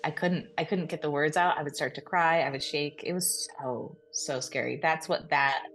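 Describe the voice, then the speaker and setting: Low-voiced woman telling a ghost story. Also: normal speed, soft background music. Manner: animated, breathless retelling with frequent laughs and fillers. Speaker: podcast co-host. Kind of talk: casual storytelling.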